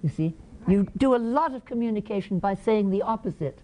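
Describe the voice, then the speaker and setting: An Englishwoman presenting at a conference, her voice mellow and warm in tone. She keeps asking the audience questions and acts out little example lines as she teaches. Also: medium pitch, expressive, a little fast. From England. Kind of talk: conference lecture.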